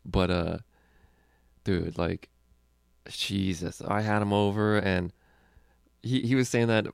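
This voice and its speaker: Gravelly low-voiced man, rambling and profane. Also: fairly even intonation, slow pace, no room sound, clean studio sound. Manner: rambling, profane, laughing often. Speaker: comedian and podcast host. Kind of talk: casual podcast chat.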